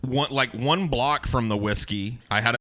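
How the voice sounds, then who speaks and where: A man's voice: medium pitch, moderate pace, pushed and bright. A man hosting a casual podcast chat, telling stories with a lot of profanity and acting out the people he quotes. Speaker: podcast host.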